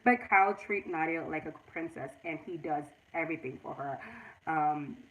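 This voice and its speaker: A woman's voice: deep voice, normal speed, narrow, tinny audio. Earnest woman giving advice on a livestream. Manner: earnest, advice-giving, talks straight to viewers. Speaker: livestream host. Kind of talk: casual livestream chat.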